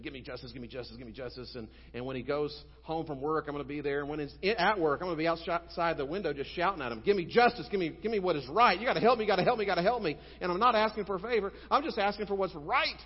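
A man acting out a persistent, wronged widow woman who shouts insistent demands for justice, in a dull recording with long hall reverb. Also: fairly high pitch, racing, few pauses, close to an everyday voice.

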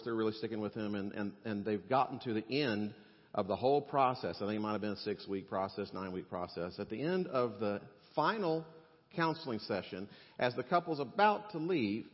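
A man preaching a sermon, animated, acting out the voices of the people he quotes. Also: on the low side. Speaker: pastor. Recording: dull sound with long hall reverb.

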